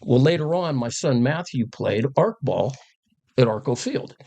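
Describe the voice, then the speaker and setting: An older man with a husky, slightly breathy voice recounts old coaching stories in a relaxed podcast conversation. He talks casually and acts out the lines of the people in his stories, laughing as he goes. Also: mid-range voice, unhurried. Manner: animated storyteller who acts out quotes and laughs. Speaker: guest, former coach.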